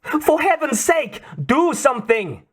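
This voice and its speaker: A man voicing a frightened young Russian woman with a Russian accent, pleading in high, frantic shouts. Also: very animated, extremely slow, exaggerated voice.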